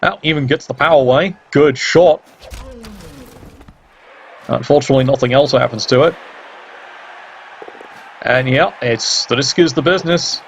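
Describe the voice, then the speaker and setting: A man's voice: mid-range voice, normal speed, long pauses, dull audio, slight background noise. A man giving casual play-by-play game commentary, sardonic and teasing, swearing freely.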